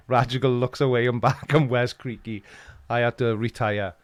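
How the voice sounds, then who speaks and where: A man's voice: mid-range voice, steady tone, a little slow, no echo. A Welsh man hosting a live stream, reading out chat comments with dry, teasing humor. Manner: jokey, dry teasing banter.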